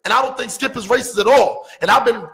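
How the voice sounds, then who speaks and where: A man's voice: very high voice, fast, sharp tone, breathy edge, big-room sound, rough recording. A man in casual sports talk, arguing his point with emphatic rhetorical questions.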